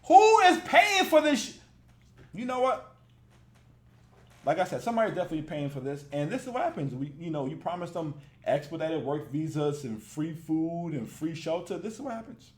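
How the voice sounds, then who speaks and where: A man with a high voice that swings widely up and down, ranting in a blunt, profane, casual way and breaking into laughter often. He sounds like he is recording in an echoey room. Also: expressive, a little fast, a little mellow. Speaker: reaction video host.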